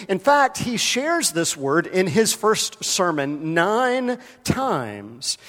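A man's voice: high voice, a bit bright. A man preaching a sermon as pastor, talking casually and addressing members of the congregation by name. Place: church sanctuary. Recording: long hall reverb.

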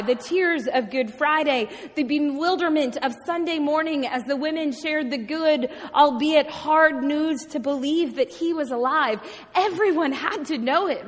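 A woman with a high voice delivers a sermon, drawing out her words with dramatic pauses and repeating key phrases. Her voice carries a long reverb, as if from a large sanctuary. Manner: expressive storytelling with dramatic pauses and repetition. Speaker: preacher.

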